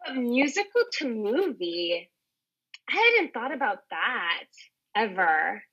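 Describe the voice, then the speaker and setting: A woman's voice: a little high, sing-song, slow, fairly bright tone, husky, dull audio. A young adult woman, a Broadway performer as interview guest, chatting enthusiastically and rambling with many "like"s and restarts. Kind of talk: casual interview chat.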